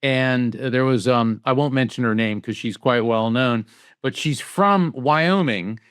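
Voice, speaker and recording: Man, interview guest, smooth resonant voice, dry close sound, emphatic, rhetorical questions. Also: medium pitch, measured pace, fairly bright tone, no room sound. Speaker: psychic medium and guest. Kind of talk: conversational interview answers.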